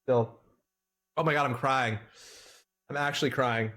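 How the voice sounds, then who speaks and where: A young man streaming a game live, reacting with excitable shrieks, swearing and silly asides as he plays. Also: mid-range voice, unhurried. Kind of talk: live gameplay commentary.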